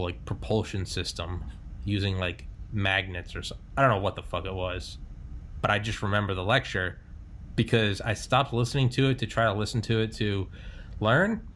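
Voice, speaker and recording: A man's voice: fairly low pitch, a bit bright. A man from New England hosts a casual podcast interview. His talk is rambling and jokey, with plenty of swearing. A faint background noise sits under his voice. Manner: rambling, joking, swears freely. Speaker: podcast host.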